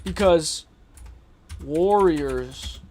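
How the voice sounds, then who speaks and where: A man's voice: on the high side, drawn-out words, darkish tone. A man hosting a casual fight-talk livestream, rambling and slangy, repeating himself and talking straight to his viewers. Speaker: MMA livestream host.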